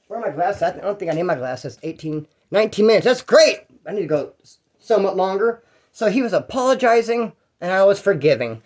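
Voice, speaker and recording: A man from California telling his own prison stories in a rambling, slangy, profane way. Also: sits high. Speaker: prison storyteller. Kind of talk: casual storytelling.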